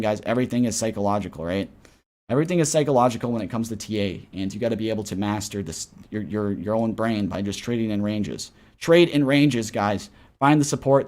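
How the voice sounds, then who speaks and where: A man giving casual, rambling chart commentary on a live stream. He keeps repeating "right?" and "guys", and his voice swings between loud and soft. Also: on the low side. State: tired after a flight. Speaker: crypto trading streamer.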